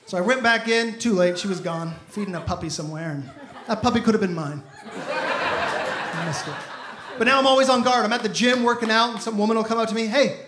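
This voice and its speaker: A young man with a high-sitting voice performs stand-up on a comedy club stage, quickly telling stories and acting out the dialogue. The live audience is audible, and the club room sounds echoey.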